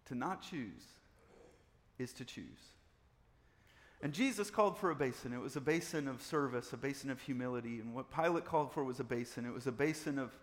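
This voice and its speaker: A man's voice: medium pitch, fairly quick, in a large hall. A man preaching a sermon, repeating phrases and building up in intensity. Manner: preaching with swelling intensity and repetition. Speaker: pastor.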